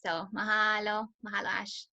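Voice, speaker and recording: A woman from Hawaii hosts a team video call. Her voice is bright and bubbly, and she talks in an excited, gushing way and laughs often. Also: medium pitch, normal speed, muffled recording. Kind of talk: introducing a guest on a call.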